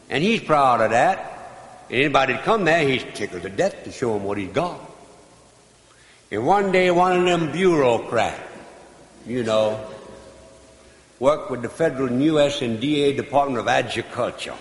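Folksy man telling a tall tale. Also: medium pitch. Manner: folksy drawl, hollers the punchlines. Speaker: comedian. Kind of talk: storytelling comedy routine. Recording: echoey live recording with faint noise.

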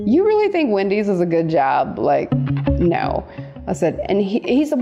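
A woman tattoo artist telling stories in casual chat, laughing often and jumping high in pitch when she quotes people. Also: very animated, a little fast, warm tone, dull audio, soft background music. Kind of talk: casual storytelling.

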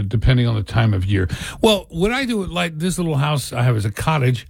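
A man's voice: medium pitch, expressive, brisk, vocal fry, darkish tone, no room sound. Chatty male radio co-host. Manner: rambling, chuckling asides. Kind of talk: casual radio chat.

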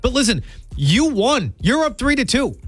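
A man hosting a sports talk radio show, talking in animated, exasperated banter with his co-hosts. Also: extremely high pitch, normal speed, slightly rough, dry recording.

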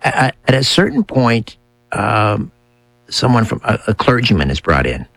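A man's voice: on the low side, wildly swooping pitch, normal speed, creaky, a bit bright, no room sound. A man hosting an interview, asking curious follow-up questions. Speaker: host. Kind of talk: casual interview.

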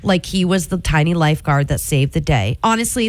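A woman's voice: fairly low pitch, expressive, fairly quick, dry recording. A woman in her forties, a radio morning show host telling a story in a playful way and laughing often. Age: 40s. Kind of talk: casual storytelling chat.

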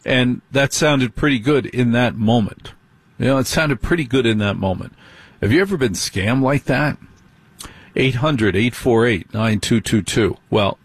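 Husky-voiced radio host. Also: male voice, mid-range voice, no room sound. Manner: conversational, repeats phrases for emphasis, asks listeners direct questions. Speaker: late-night radio host. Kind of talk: talk radio monologue. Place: radio studio. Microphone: studio microphone.

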